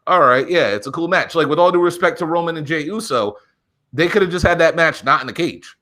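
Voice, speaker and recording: A man co-hosting a wrestling podcast, talking in an excited, profane, casual way. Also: a little high, fairly quick. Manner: animated, profane, builds excitement. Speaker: podcast co-host. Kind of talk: casual chat.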